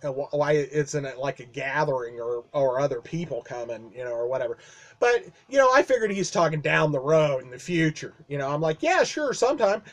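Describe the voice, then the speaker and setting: A Midwestern American vlogger with a medium-pitched voice talks fairly quickly, rambling casually through a long personal story to his camera. He fills it with fillers, restarts and chuckles.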